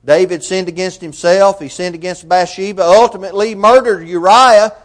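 A man preaching a sermon, asking his listeners rhetorical questions and swinging between loud emphasis and soft, quiet passages. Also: sits high, steady tone, normal speed.

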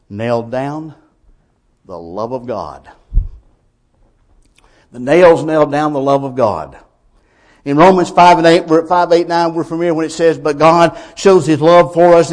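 A man preaching a sermon, emphatic, with swings from quiet lines to loud ones. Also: on the high side, unhurried, long pauses.

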